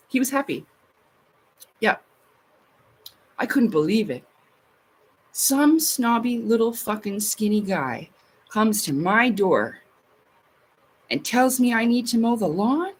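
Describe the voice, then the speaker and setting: Woman, husky breathy voice, blunt and swearing, casual stream chat. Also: a little high, sing-song, slow pace, pauses often. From Canada. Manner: blunt and profane, with frequent laughs.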